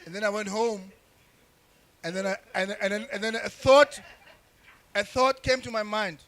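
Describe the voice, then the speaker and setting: A young man doing crude, rambling stand-up comedy with frequent restarts and shouted bursts. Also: sits high, steady tone, moderate pace. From South Africa.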